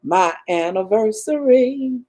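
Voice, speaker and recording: An older woman hosting a casual livestream, reading viewer comments aloud in a slow, drawn-out way with frequent laughter and religious phrases. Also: on the high side, lively intonation, dark tone.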